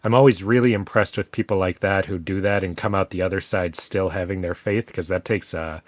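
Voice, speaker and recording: Low-ish guy on a book podcast, calm and thoughtful, dry sound. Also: a little fast, no room sound. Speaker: podcast co-host. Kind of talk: casual book discussion and reading aloud.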